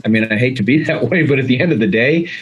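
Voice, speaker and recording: A man's voice: medium pitch, animated, fast, a little hiss or hum. A man speaking as a communication coach and guest, giving emphatic, direct advice in a conversational way.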